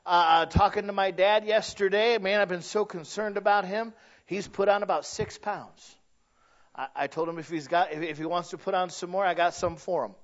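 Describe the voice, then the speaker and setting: A man preaching a conversational sermon, earnest and emphatic at times, hushed at others. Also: high voice, steady tone, moderate pace, lo-fi sound.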